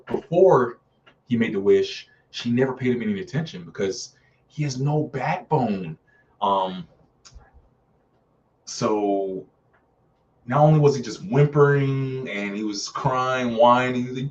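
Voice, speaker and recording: A man's voice: mid-range voice, measured pace, darkish tone, far from the mic, highs cut off. A man reviewing films in a casual live stream, chatty and full of fillers, often acting out characters' lines. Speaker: film reviewer.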